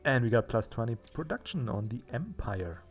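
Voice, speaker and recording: A man's voice: medium pitch, big pitch swings, moderate pace, soft background music. A man hosting a let's play, chatting casually and thinking aloud as he plays, with a self-mocking manner. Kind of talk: casual gameplay commentary.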